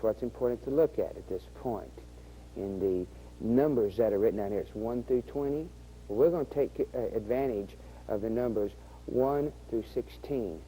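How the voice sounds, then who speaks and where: In this instructional demonstration, a man with a warm, lowish voice patiently walks viewers through organ rhythm programming one step at a time. Faint organ rhythms play underneath, and the poor audio carries slight background noise.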